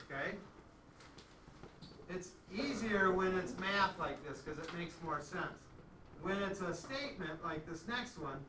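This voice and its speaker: A man with a high voice gives a conversational math lecture, often checking how his students are doing. The recording comes from far off in an echoey classroom, and the background is noisy.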